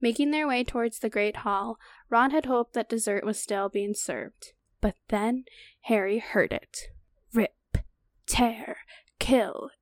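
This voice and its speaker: A woman with a fairly high voice reading a book chapter aloud for a podcast. She reads at an even pace and stops now and then to add her own remarks. The recording is dry and close. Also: measured pace, dry recording. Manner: reads steadily, stops to comment and laugh. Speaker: podcast co-host.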